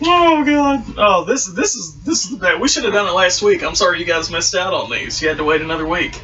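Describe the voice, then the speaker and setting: High bright man reading news, laughing. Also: quick pace. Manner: reads articles aloud, breaking into laughter. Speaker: podcast co-host reading news stories. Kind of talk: casual chat. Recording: distant mic, dull lo-fi sound.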